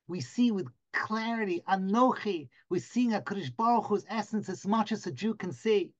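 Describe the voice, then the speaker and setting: Male teacher, animated storyteller, dull lo-fi video-call sound. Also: sits high. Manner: vivid, dramatic storytelling with sudden loud bursts. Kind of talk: storytelling lesson to a class.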